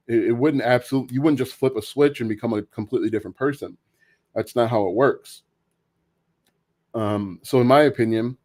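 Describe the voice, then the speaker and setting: A man hosting a casual live Q&A stream, talking in an opinionated, halting way with many restarts. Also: medium pitch, a little mellow. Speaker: livestream host answering viewer questions.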